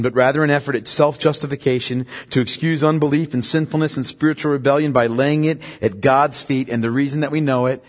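A man preaching an emphatic expository sermon as pastor, often sinking his voice low and quiet to drive a point home. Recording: long hall reverb.

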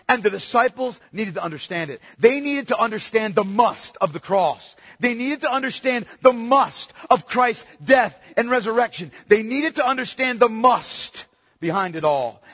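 Emphatic high-voiced preacher in a reverberant hall. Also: male voice. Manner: emphatic, repeats key phrases, swings from soft to loud. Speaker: pastor. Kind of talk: sermon.

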